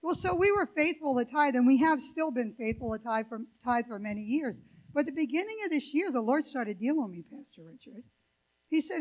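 A woman's voice: sits high, lively intonation, a little fast, a little mellow, low-quality recording. An older woman preaching a sermon in a church, chatty and digressive, with many fillers and asides. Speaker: guest preacher. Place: church sanctuary.

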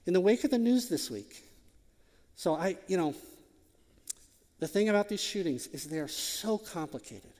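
A man's voice: sits high, animated, normal speed, pauses often, a little mellow, long reverb tail. A man preaching a sermon as a pastor, emphatic and full of rhetorical questions.

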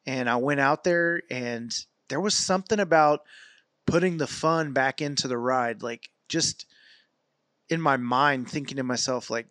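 A man's voice: medium pitch, measured pace, no echo, studio quality. A man vlogging casually about his training, telling a long story with lots of fillers and restarts. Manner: rambling, animated storytelling with many fillers. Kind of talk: casual fitness vlog.

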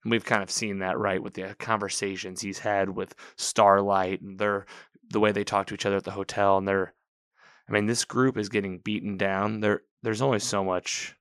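A man's voice: fairly low pitch, little pitch movement, moderate pace, fairly bright tone, clear, resonant tone, dry recording, studio quality. A man casually recapping a TV episode, talking in a rambling way, correcting himself and quoting the characters as he goes.

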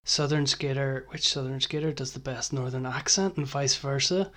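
A man's voice: medium pitch, normal speed, fairly bright tone. A man co-hosting a skateboarding podcast, chatting in an easygoing, hesitant way. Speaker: podcast co-host. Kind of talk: casual chat. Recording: remote call recording.

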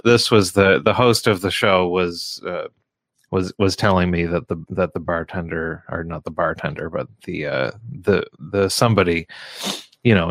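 Low-voiced man hosting radio chat. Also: a bit bright, no room sound, clean studio sound. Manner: halting, many restarts and fillers. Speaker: radio show host and comedy show runner.

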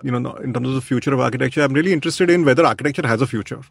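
A man's voice: mid-range voice, very fast, creaky, no room sound. A man, answering as an architect guest in a reflective interview, thoughtful and hesitant with many fillers.

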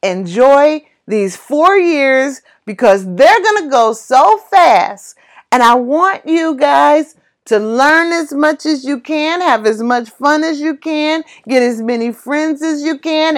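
High, lively, unhurried encouraging woman. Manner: encouraging, exclamatory, heartfelt. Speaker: motivational speaker. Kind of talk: motivational talk.

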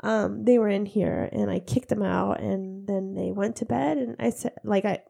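Congested, gravelly-voiced chatty woman. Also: mid-range voice, moderate pace, warm tone. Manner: chatty, laughing storyteller. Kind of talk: casual chat.

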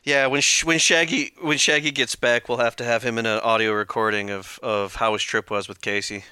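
A man's voice: medium pitch, fairly even intonation, brisk, bright, forceful tone, clear, resonant tone, dry recording, studio quality. A man co-hosting a casual hobby podcast, teasing his friends in jokey banter. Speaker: podcast co-host. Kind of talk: casual chat.

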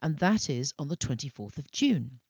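A woman's voice: rumbling low, sing-song, normal speed, a little mellow, breathy edge, dry recording. Middle-aged lady cohost, bouncy up and down voice, dry close sound, chatty and keen. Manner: enthusiastic, reads facts aloud. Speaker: co-host. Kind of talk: casual podcast chat.

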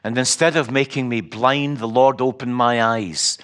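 A man's voice: mid-range voice, steady tone, normal speed, fairly bright tone. A middle-aged Scottish man preaching a sermon, telling stories with wry humor and emphatic repetition. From Scotland.

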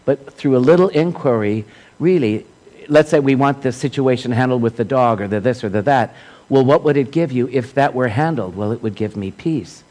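A man's voice: mid-range voice, darkish tone, rough recording. A man giving an informal sermon as a spiritual teacher, speaking reflectively and stressing points with repeated phrases.

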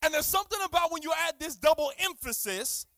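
A man preaching as a guest pastor, lively and conversational, acting out little dialogues and repeating words for emphasis. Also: extremely high pitch, fast talker, no echo. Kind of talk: lively sermon.

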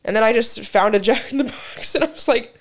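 A woman's voice: a little high, a little fast. A young woman in her twenties, co-hosting a podcast, telling a story with lots of laughs and casual swearing. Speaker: podcast co-host. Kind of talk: casual chat.

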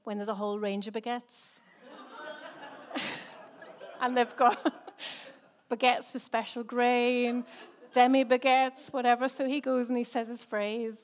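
A woman's voice: on the high side, little pitch movement, measured pace, long pauses. Chatty woman pastor. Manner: chatty and self-mocking, laughs often. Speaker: senior pastor. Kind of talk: sermon with personal stories.

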